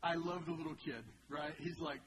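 A man's voice: a little high, fairly even intonation, normal speed. A middle-aged man hosting a video reaction, chatting enthusiastically and drifting into a preachy tone. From United States. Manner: enthusiastic, churchy call-and-response. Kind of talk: casual commentary turning preachy. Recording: loud background noise.

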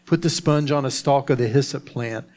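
Man reading scripture aloud, measured. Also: mid-range voice, a little mellow.

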